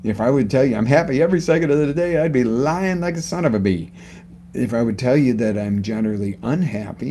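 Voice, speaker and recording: Warm and animated, this man speaks at a fairly quick clip in a medium pitch, with a little hiss or hum on the recording. He's a motivational coach broadcasting live and unscripted, chatting with his audience and asking how their week went and how they're feeling.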